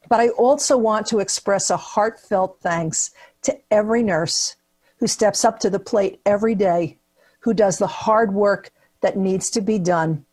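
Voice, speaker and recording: A woman's voice: mid-range voice, darkish tone. A woman from New Jersey, a nurse, giving a prepared speech at an awards event with punchy comic asides, recorded on a webcam. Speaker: keynote speaker at nursing awards.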